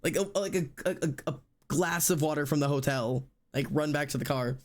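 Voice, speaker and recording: A man's voice: a little high, brisk. Rambling man telling a story. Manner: rambling, filler-heavy, acts out quotes. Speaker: streamer. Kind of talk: casual storytelling.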